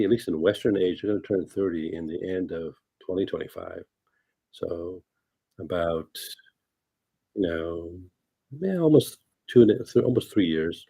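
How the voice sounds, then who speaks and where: A man's voice: low-pitched, creaky, mellow, breathy edge. A man talking as a fortune teller on a casual livestream, rambling loosely with many fillers and asides. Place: lives in California.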